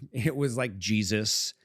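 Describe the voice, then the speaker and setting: This podcast co-host, a Boston man in his forties, wanders through a long personal story with frequent chuckles. He speaks slowly in a lowish, fairly bright voice with a breathy edge, recorded cleanly in a studio with no echo.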